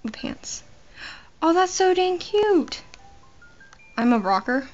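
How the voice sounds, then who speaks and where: Playful, profane high-voiced woman. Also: sing-song, takes it slowly, faint music behind. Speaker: gamer. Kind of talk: casual game commentary. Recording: muffled lo-fi recording.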